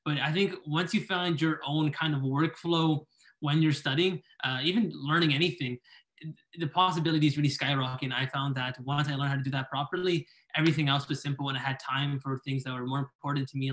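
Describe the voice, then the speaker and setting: A man's voice: medium pitch, steady tone, a little fast, fairly bright tone. Man, earnest and reflective, casual video call talk. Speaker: educational video creator.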